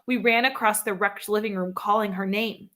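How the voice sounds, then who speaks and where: A woman's voice: mid-range voice, fairly even intonation, moderate pace, fairly bright tone. A woman narrating a first-person children's novel with a vivid, urgent reading. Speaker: audiobook narrator.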